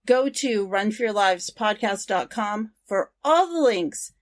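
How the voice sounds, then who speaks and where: A woman with a medium-pitched voice co-hosts a casual podcast. She speaks earnestly about the film and then reads out the show's sign-off in a plain, steady way. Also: measured pace. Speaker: podcast co-host.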